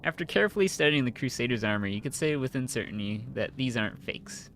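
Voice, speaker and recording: A man's voice: medium pitch, lively intonation, fast, fairly bright tone. A man streaming a story-driven game, reading its narration aloud and chatting casually between lines. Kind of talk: game playthrough, reading and commentary.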